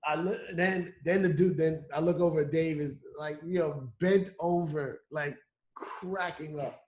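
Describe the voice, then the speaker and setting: A man guest on a podcast telling a story in a casual, animated way, acting out what people said. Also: a little high, a little slow. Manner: animated, acting out quotes with restarts. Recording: roomy echo.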